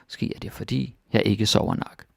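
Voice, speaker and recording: Low gravelly man teaching grammar. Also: a little fast, no echo, clean studio sound. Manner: relaxed, often checks in with "right?". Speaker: Danish language teacher. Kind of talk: casual grammar lesson.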